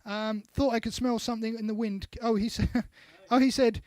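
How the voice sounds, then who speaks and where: Male co-host, very high voice, chatty comment-reader, dry close mic. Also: fairly even intonation, normal speed, a little mellow, no room sound. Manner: chatty, reads out names with asides. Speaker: co-host reading viewer comments. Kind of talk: casual live-stream chat.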